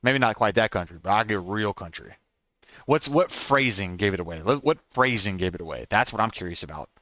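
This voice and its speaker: Oklahoma guy chatting w his stream, fast and bright, lots of repeats, dry kinda dull mic. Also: on the low side, lively intonation, dry recording. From Oklahoma, USA. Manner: rapid talker, repeats words, laughs often. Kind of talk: casual live-stream chat with viewers.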